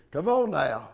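A man's voice: on the high side, gravelly, husky. A man preaching a sermon, calling out amen and come on now between points.

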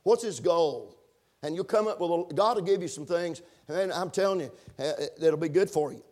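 A man preaching a sermon, punctuating his points with amens and building to shouted emphasis. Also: a little high, moderate pace. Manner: preaching with call-and-response amens, rising to shouts. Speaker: pastor.

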